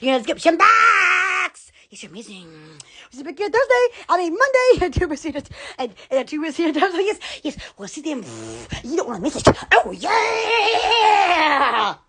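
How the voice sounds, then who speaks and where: A woman hosting a casual live stream, giddy and excitable, laughing and squealing often. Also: extremely high pitch, moderate pace.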